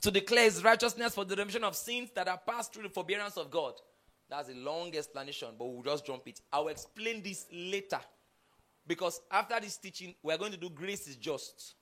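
A male preacher delivers an emphatic sermon with an unusually high voice. His tone is bright and forceful, and it swings between loud bursts and low, quiet passages. He keeps checking that his listeners are following. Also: fairly quick.

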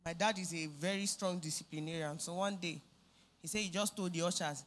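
A woman's voice: on the low side, steady tone, fairly quick. Female preacher, emphatic sermon delivery with repeated phrases.

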